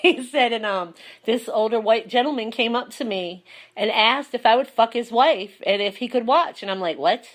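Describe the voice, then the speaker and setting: A woman's voice: a little high, moderate pace. A woman hosting a casual chat, telling stories animatedly and laughing often. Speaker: host.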